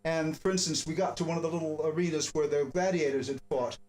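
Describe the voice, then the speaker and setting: A man casually telling a travel anecdote, quick and meandering with many restarts. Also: on the high side, fairly even intonation, a little mellow. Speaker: musician guest.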